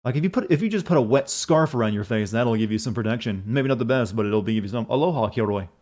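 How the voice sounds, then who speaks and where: A man's voice: medium pitch, lively intonation, fast talker, darkish tone. A man streaming a video game, chatting casually, answering chat messages in a rambling, profane way.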